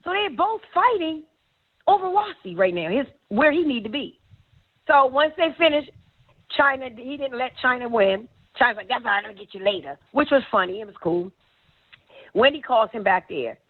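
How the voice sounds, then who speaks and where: A woman telling a story in a loose, cursing style, pitched a little high for a woman. Her voice comes through a thin, tinny line like a phone call. She keeps acting out what other people said. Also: normal speed. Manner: animated, profane, acts out quotes. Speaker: guest telling stories. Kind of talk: casual storytelling.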